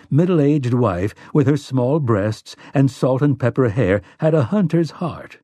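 A man narrating an audiobook in a measured, steady storytelling manner. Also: medium pitch, dry recording, studio quality. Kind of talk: scripted narration.

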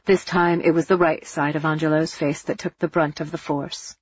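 A woman reading a novel aloud with even, measured pacing. Her voice sits low and husky. The recording is dry and a little dull in tone. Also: no echo. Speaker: audiobook narrator. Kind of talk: scripted narration.

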